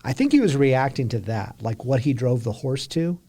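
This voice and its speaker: A man co-hosting a casual book discussion, easygoing and halting, often repeating words as he gathers his thoughts. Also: medium pitch, big pitch swings, mellow. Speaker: podcast co-host.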